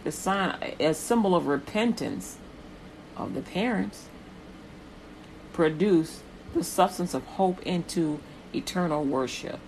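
Low-voiced woman preaching slowly. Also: slight background noise, rough recording. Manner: rhythmic, building preaching with repetitions. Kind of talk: sermon.

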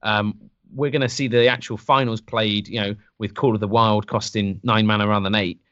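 A man co-hosting a casual gaming podcast, chatty and joking, quick to get animated. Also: fairly low pitch, no room sound, dull audio. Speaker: podcast co-host.

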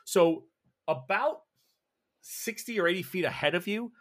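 A man with a slightly high voice runs a tabletop horror game, laying out scenes and rules as game master. He describes gory action in a loose, searching way, often restarting his sentences. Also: expressive, measured pace.

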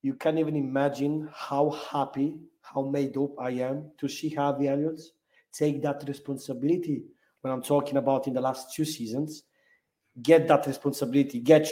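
A man's voice: fairly high pitch, little pitch movement, normal speed, darkish tone. A man co-hosting a football podcast, talking enthusiastically in slightly non-native English phrasing. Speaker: podcast co-host. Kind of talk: casual football chat. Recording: echoey room.

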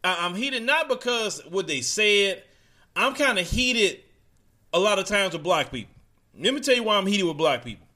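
A man's voice: high voice, big pitch swings, moderate pace, sharp tone. A man delivering a heated opinion monologue straight to his audience, preachy and casual, mocking the people he quotes. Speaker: commentator.

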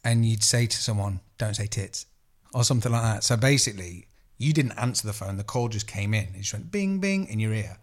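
A man's voice: lowish voice, expressive, a little fast, hardly any pauses. An English man co-hosting a podcast, telling sweary, jokey stories in casual chat and acting out the voices of the people in them. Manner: sweary, jokey storyteller who acts out voices. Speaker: podcast co-host.

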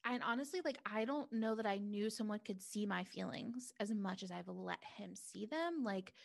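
A woman's voice: medium pitch, moderate pace, gravelly. A woman guest talking openly and reflectively in an interview, in loose run-on phrases. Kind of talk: candid interview conversation.

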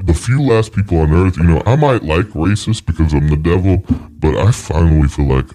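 Deep-voiced joking man, lively pitch. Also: brisk. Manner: rambling, joking, riffs in bits. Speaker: podcast co-host. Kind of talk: casual comedic banter.

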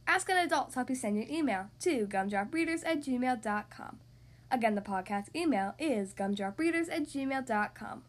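High-voiced woman reading a children's story. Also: normal speed. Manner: expressive, animated storytelling. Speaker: podcast host and story reader. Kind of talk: children's story read-aloud.

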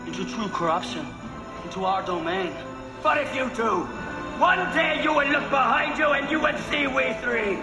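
A fervent vigilante preacher. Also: male voice, very high voice. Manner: shouting, declamatory. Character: vigilante man delivering a fiery manifesto. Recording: film clip with loud music and echo. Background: music.

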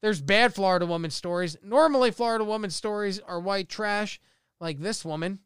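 A man with a high, smooth, resonant voice hosts a loose comedy podcast. He reads out odd news stories and laughs a lot along the way. The recording is dry, with no room sound. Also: normal speed, no room sound. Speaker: podcast host. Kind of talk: casual comedy chat.

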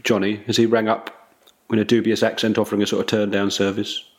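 A man's voice: lowish voice, flat delivery, fast. A man hosting a casual chat, asking rambling questions that restart partway through. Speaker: host.

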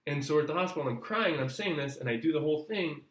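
Animated man telling a story, roomy echo. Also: a little high, rapid-fire, a crowd in the background. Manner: animated storyteller acting out his own reactions. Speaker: actor. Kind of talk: casual podcast chat, telling an anecdote.

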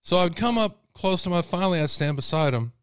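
A man's voice: high voice, animated, fast, a bit bright, clean tone, no room sound, studio quality. A male host telling a rambling, folksy story in a casual monologue. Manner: rambling, folksy, many fillers.

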